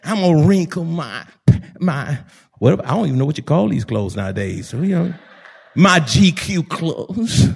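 A man preaching a sermon, emphatic, swinging from hushed asides to shouting. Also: sits high, sing-song, moderate pace, vocal fry, breathy edge.

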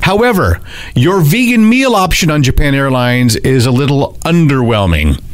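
A man's voice: mid-range voice, big pitch swings, normal speed. A man co-hosting a radio show with dry, joking asides. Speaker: radio co-host. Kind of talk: morning radio chat.

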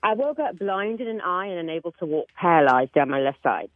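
A woman in her forties with a British-sounding accent talks over a thin, tinny telephone line. Her pitch leaps around in a lively way and she laughs easily, often breaking off and restarting her sentences. The line sounds dry and close. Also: fairly quick, no echo. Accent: British-sounding accent from foreign accent syndrome. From Oklahoma, United States. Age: 40s. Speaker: phone-in guest. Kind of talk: casual interview chat.

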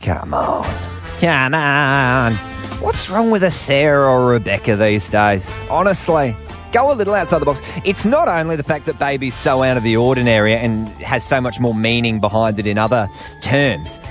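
A man hosting a late-night radio show, joking and bantering fast and cheekily. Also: medium pitch, lively intonation, a bit bright. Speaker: radio host. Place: radio studio. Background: faint music.

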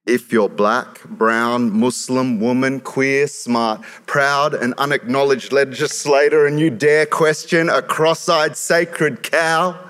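A man with an Australian accent performing spoken-word poetry on stage, with a rhythmic, punchy delivery that rises to shouts. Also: medium pitch. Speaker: performance poet. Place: stage in a large hall. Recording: reverberant hall with live audience.

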